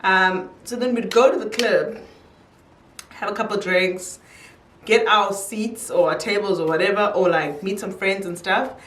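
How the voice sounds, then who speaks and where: A woman's voice: medium pitch, unhurried, fairly bright tone, distant mic, slight background noise. Young woman, casual makeup storytime, chatty, laughs easily, roomy echo, set back from the mic. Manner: chatty, laughs easily, quotes her mom in a raised voice. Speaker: beauty vlogger. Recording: echoey room, voice from off-mic.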